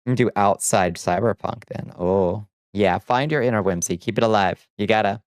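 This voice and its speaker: A man's voice: lowish voice, normal speed, few pauses, clean tone, no echo. A man chatting on a casual livestream, reading chat aloud and answering in a chatty, sardonic way, on a close desk mic. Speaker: streamer.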